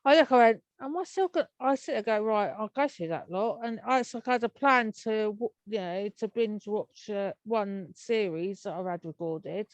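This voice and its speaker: An English woman chats as an interview guest, rambling from one thought to the next and laughing often. Her voice sits at an ordinary middle pitch. The sound is dry and close, with no room echo. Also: normal speed, hardly any pauses. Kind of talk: casual interview chat.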